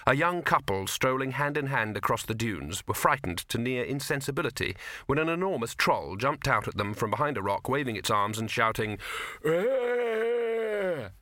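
A man reading a novel aloud in a measured, wry storytelling manner, close to a studio mic. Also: mid-range voice, lively intonation, sharp tone, no room sound. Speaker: audiobook narrator. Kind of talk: scripted narration.

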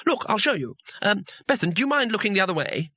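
A naive, eager little tourist, polite and chatty, put on by a male reader. He talks brightly in a high, lifted voice with a husky edge. The sound is dry and close. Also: big pitch swings, fast talker, dry recording, heavily acted.

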